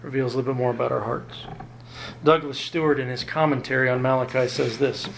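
A man preaching a sermon, emphatic and lively, often jumping up in pitch to drive home a point. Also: a little fast, vocal fry, a little hiss or hum. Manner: emphatic, rises sharply in pitch to stress points. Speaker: pastor.

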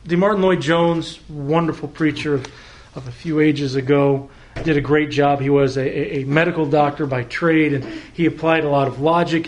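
A man delivers a sermon from the pulpit, his voice sitting a little high. He speaks conversationally, asks the congregation rhetorical questions and plays out short back-and-forth exchanges. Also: a little hiss or hum. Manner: conversational preaching with rhetorical questions and acted-out dialogue. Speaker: pastor.

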